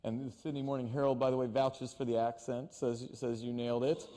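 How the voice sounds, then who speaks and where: A man's voice: mid-range voice, little pitch movement, fairly quick, warm tone, big-room sound. A man interviewing on stage, asking rambling questions and repeating words as he goes. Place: on a stage before an audience.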